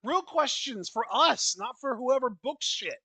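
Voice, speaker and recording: Man, co-host, exasperated, swearing, bright lively voice, dry close sound. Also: very high-pitched, measured pace, no room sound, low-quality recording. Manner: exasperated, swearing, mock-quoting questions. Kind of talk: casual podcast chat.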